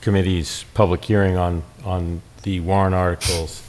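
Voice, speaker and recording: A man chairing a town board meeting, speaking in a measured, procedural way with frequent fillers. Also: low voice, flat delivery, darkish tone. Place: town hall meeting room.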